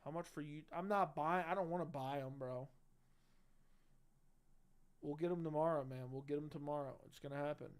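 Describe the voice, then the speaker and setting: A brash young man hosts a casual livestream on a studio dynamic mic, reading chat and bantering loosely with slang and swearing. His fairly high voice is clear and resonant, steady in tone, at a moderate pace with long pauses.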